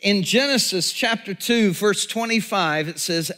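Slow, animated male preacher. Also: sits high. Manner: storytelling, animated, drops to hushed tones. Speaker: pastor. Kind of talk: sermon.

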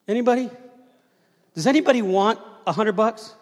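A man's voice: high voice, lively intonation, a little fast. A man in his fifties preaching a sermon, telling family stories and asking the congregation to respond. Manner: conversational storytelling preacher, asks the crowd to respond. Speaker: pastor. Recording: long reverb of a large hall.

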